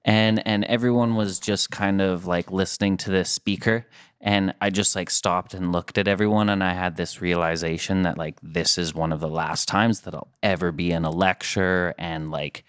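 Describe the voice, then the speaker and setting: A young man with a very deep voice talks reflectively in a casual podcast chat and swears freely. The recording is dry, with no room sound. His speech is loose, with filler words running through it. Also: fairly even intonation, moderate pace, smooth, no room sound. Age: young adult. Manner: profane, reflective. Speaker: graduate student, teaching assistant.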